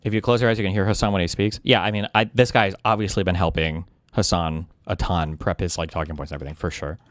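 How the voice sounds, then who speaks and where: A man's voice: low-pitched, steady tone, fast talker, no echo, clean studio sound. A man in his thirties giving blunt, dismissive live-stream commentary, swearing freely. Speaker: streamer reacting to a clip.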